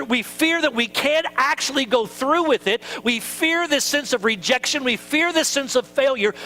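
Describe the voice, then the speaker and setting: High, bright-voiced preacher man. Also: low-quality recording. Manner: conversational preaching, acts out quoted excuses. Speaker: pastor. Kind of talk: sermon.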